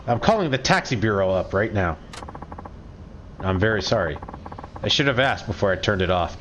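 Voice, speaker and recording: A man's voice: lowish voice, very animated, a little fast, a bit bright, lo-fi sound, a little hiss or hum. Man narrating a game playthrough. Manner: reads dialogue aloud, musing commentary. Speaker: video game streamer. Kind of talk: game playthrough, reading and commenting.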